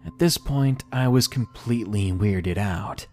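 A man narrating a scary story in slow, expressive storytelling. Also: medium pitch, soft background music. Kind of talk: scripted horror story narration.

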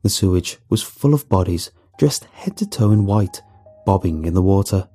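A man reading a horror story aloud in a dramatic, animated way, with faint music behind. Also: low voice, moderate pace, slightly rough. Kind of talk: scripted horror narration.

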